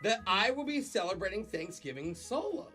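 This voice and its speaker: A man co-hosting a morning radio show, telling stories in an animated way and laughing often. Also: high voice, normal speed, faint music behind. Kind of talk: casual morning radio banter.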